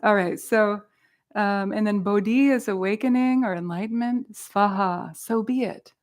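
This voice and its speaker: A woman from Central California teaching a Buddhist meditation class, explaining gently with a light, playful touch. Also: medium pitch, measured pace.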